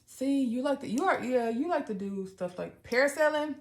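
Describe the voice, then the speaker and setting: A young woman hosting a live stream, casually telling a story in an animated, dramatic way and laughing often. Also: sits high, moderate pace. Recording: roomy echo.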